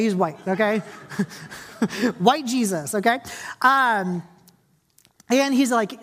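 A young adult woman leads a church service, first reading scripture and praying in a soft, quiet voice. She then preaches in a relaxed, chatty sermon full of fillers and asides to the congregation. Her voice carries through a church hall. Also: on the high side. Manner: casual, chatty, with many fillers and audience asides. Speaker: pastor.

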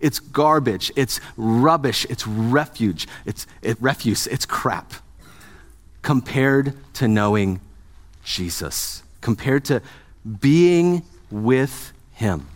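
A man's voice: medium pitch, lively intonation, slow. Joking, conversational man preaching a sermon. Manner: conversational, joking, asks the congregation questions. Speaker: pastor.

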